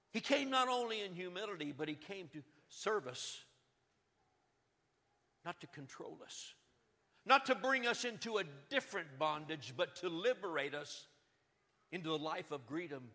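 High, ringing male pastor voice, dramatic shifts from loud to hushed, church-hall reverb. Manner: dramatic swings between loud urgency and hushed emphasis. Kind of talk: sermon. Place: church sanctuary.

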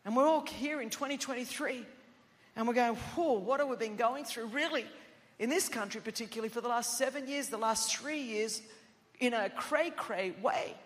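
A woman preaching a sermon in a church, emphatic and building to shouted declarations between chatty asides. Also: a little high, moderate pace. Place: large church auditorium. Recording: long church-hall reverb.

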